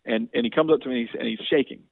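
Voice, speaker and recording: A man in his forties talks fast and earnestly as a guest, often stumbling over his own restarts. His voice has a gravelly, fry-heavy edge. It comes through a tinny, phone-like line with a dry sound. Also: mid-range voice, dry recording. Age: 40s. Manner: earnest, rapid talker with frequent restarts. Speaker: state legislator, guest. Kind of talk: casual interview, storytelling.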